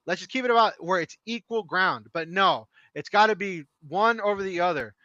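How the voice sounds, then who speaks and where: A man's voice: high voice, fairly quick, bright, forceful tone, dry recording. A middle-aged man ranting on a podcast, impassioned, emphatic and profane. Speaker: podcast co-host. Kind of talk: heated opinion rant. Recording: dry, dull lo-fi sound.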